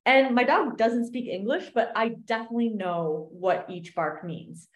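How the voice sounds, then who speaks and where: A woman coach explaining an exercise in an animated podcast chat, acting out little voices in her examples. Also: a little high, moderate pace. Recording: roomy echo.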